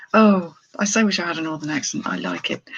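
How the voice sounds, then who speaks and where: Her voice is medium-pitched, a bit bright, and husky, recorded with the highs cut off. A middle-aged jewellery reseller hosting a live haul stream, she unboxes items, chats casually, exclaims, and thinks aloud for her viewers.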